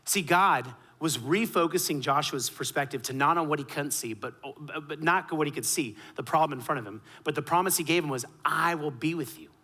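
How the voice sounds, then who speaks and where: A man with a fairly high, bright, forceful voice delivers a sermon from the pulpit. He rises to loud, punchy emphasis, then drops to soft, low asides. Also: fairly quick, hardly any pauses. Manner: dynamic preaching, swinging between loud emphasis and quiet asides. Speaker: pastor.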